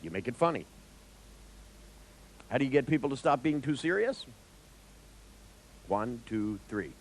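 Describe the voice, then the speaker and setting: Animated, gravelly man lecturing a seminar. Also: mid-range voice, unhurried, a little hiss or hum, low-quality recording. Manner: animated, joking, acts out dialogues with clients; speaks to the audience directly. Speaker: therapist teaching a seminar.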